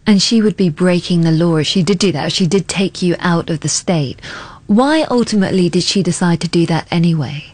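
A woman interviewer with a lowish voice asks short, gentle questions. The sound is dry and close, with no room echo. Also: a little fast.

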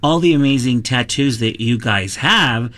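A man's voice: medium pitch, unhurried, fairly bright tone. A man co-hosting a casual group conversation, asking curious questions.

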